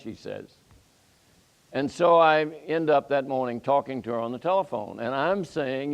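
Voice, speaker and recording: A man's voice: medium pitch, normal speed, clean tone, dull audio. An older man from Nashville on a forum panel, telling a story and acting out the quoted dialogue with energy.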